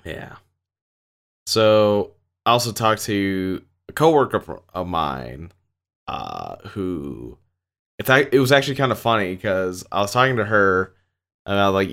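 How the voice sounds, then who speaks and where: Casual co-host: man from Canada, low voice that swings widely, laid-back rambling delivery. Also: very animated, slow, pauses often, fairly bright tone. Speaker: podcast co-host. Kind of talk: casual chat.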